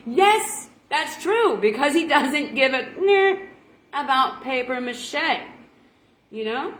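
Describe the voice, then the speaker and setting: A woman from Oklahoma preaches in a loose, folksy ramble, chuckling at her own jokes. Her voice sits a little high. The sound carries a roomy echo with a faint ambient hum underneath. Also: animated, measured pace, a bit bright. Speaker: online preacher. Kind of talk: casual folksy sermon.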